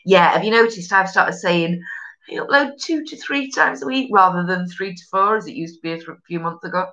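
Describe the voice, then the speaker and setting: A woman's voice: fairly low pitch, fairly quick, sharp tone, low-quality recording. A woman with a Yorkshire accent hosting a casual live stream, chatting bluntly and rambling with sweary northern slang. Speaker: live stream host reading viewer comments. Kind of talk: casual chat.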